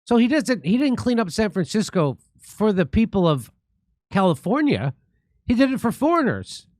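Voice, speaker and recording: Man, livestream host, sarcastic, profane, indignant, slightly high voice, dry close sound. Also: sing-song, normal speed, a little mellow, no echo. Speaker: show host. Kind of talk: political commentary on a livestream.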